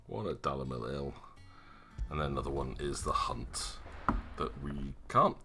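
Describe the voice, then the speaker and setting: A man's voice: a bass voice, expressive, unhurried. A man giving live, chatty, sarcastic commentary while streaming a video game. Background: game music.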